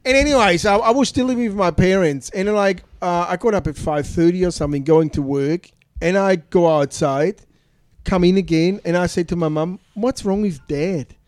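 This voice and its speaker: A man's voice: sits high, moderate pace, no echo, clean studio sound. A man in a casual chat, telling rambling anecdotes and chuckling along.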